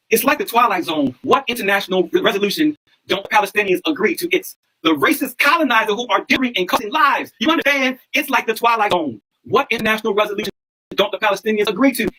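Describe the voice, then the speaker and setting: A man's voice: high-pitched, pushed and bright, poor audio. A man hosting a livestream monologue, preaching in a repetitive way and often asking listeners whether they understand. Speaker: livestream host.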